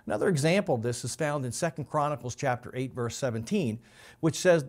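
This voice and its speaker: A male pastor giving a measured, explanatory Bible teaching and stressing key words. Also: medium pitch, animated, darkish tone.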